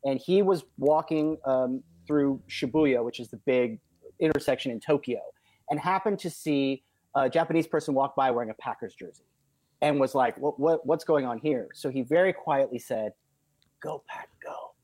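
A man as an interview guest, telling a story in an upbeat way and acting out quoted shouts. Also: medium pitch, normal speed, no echo. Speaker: film producer guest.

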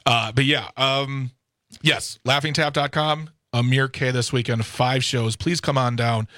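A man's voice: medium pitch, steady tone, unhurried, pushed and bright, dry recording, studio quality. A man co-hosting a radio show, chatting casually in a playful, chatty way and laughing easily. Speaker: radio co-host.

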